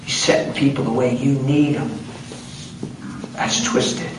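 A man's voice: medium pitch, steady tone, measured pace. A man preaching a sermon, telling a story with emphasis and acting out the quotes. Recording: roomy hall, distant mic, background noise.

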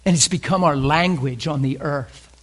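Openly emotional and fervent, a male preacher questions his listeners throughout his sermon, rising to loud emphasis and dropping to near-whispers. He speaks at normal speed in a voice on the high side.

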